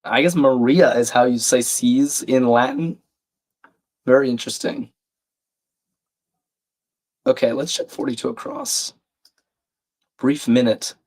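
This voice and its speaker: A man with a croaky, slightly sick voice, hosting a live crossword stream in a chatty, casual way and reading viewer comments aloud. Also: medium pitch, lively intonation, unhurried, long pauses, a little mellow. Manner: chatty, reads chat aloud, self-deprecating. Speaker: livestream crossword host.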